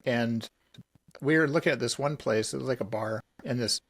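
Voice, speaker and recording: A man hosting a podcast, telling stories in an animated way in casual interview chat. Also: mid-range voice, moderate pace. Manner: animated storyteller, laughs often. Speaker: podcast host.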